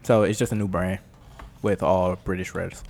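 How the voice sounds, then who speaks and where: A man of thirty co-hosting a sports podcast, laid-back and quick to laugh. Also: deep voice, little pitch movement, gravelly, a little mellow. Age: 30s. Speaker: podcast co-host. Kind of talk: casual sports chat.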